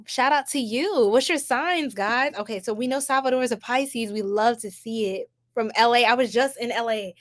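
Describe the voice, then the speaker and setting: A woman's voice: on the high side, moderate pace, hardly any pauses. A young woman from New York with a New York accent, chatting casually and animatedly with her livestream audience in slangy, laugh-filled talk. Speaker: tarot reader livestream host.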